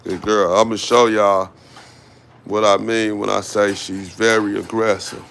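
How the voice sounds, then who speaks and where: A man's voice: fairly low pitch, gravelly, a little hiss or hum. A man, casually explaining dog training in an outdoor yard while calling commands to his dogs. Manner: slow, relaxed, calls commands to dogs. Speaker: dog owner vlogger.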